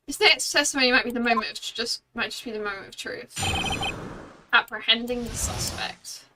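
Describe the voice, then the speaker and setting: High-voiced woman streaming a game. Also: fast, a little hiss or hum. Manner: chatty, reads game dialogue aloud with asides. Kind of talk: casual game-reading commentary. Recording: distant mic, loud game music.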